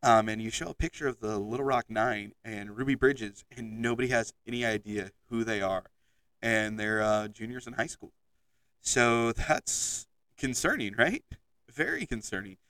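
A man's voice: on the low side, moderate pace, fairly bright tone, no room sound, distant mic, poor audio. A man hosting his own podcast in a casual monologue, chatty and full of ums, speaking into a headset mic. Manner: chatty, many ums and restarts. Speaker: podcast host and teacher. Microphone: headset microphone.

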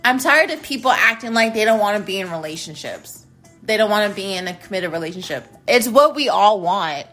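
A woman's voice: medium pitch, expressive, brisk, fairly bright tone, soft background music. A woman hosting her own show, ranting casually in a blunt, profane, rambling way. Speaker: host. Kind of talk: casual rant to camera.

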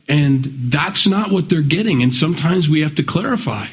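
A man's voice: fairly high pitch, expressive, normal speed, hardly any pauses. A man preaching a conversational sermon as pastor, reading scripture and rising into emphatic pleas.

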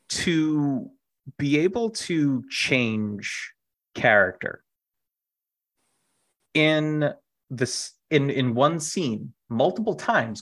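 Slow, rambling podcast co-host, a man. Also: medium pitch, a bit bright. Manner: rambling, many fillers and restarts; acted on stage. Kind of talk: casual chat.

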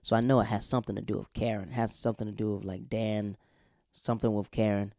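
A man's voice: fairly low pitch, little pitch movement, fast talker, vocal fry, a little mellow, no room sound, clean studio sound. A man casually recapping a TV episode in a slangy, laid-back storytelling way.

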